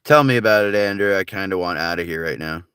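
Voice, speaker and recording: A man from the United States with a General American accent, chatting with his livestream audience in a laid-back, rambling way. His voice sits on the lower side but comes across bright and forceful. The sound is dry and close, with no room around it. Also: fast talker, clear, resonant tone, no echo. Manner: laid-back, rambling, lots of filler words. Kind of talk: casual livestream chat.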